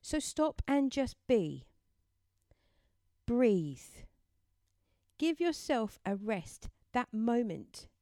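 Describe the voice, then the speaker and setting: A woman delivers a motivational mindfulness talk in a gentle, encouraging way. Her voice is smooth and clear and sits a little high, and she takes her time over every phrase. The recording is dry, with no room echo. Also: big pitch swings, extremely slow, pauses often. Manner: gentle, encouraging, leads listeners through affirmations. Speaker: self-help speaker.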